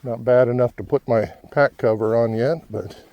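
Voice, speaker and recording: A man's voice: medium pitch, normal speed, lo-fi sound. A man talking casually while hiking a desert trail, out of breath and joking at his own expense. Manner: chatty, self-deprecating. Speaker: vlogger.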